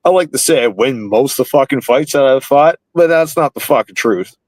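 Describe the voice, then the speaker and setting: A man, talking in a loose, rambling way with swearing and filler in nearly every sentence. His voice sits at an ordinary middle pitch. It is recorded dry and close, with almost no room sound. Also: lively intonation, fairly quick, darkish tone, no room sound. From Canada. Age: 30s. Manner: rambling, heavily profane, filler-laden storytelling. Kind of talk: casual podcast chat, storytelling.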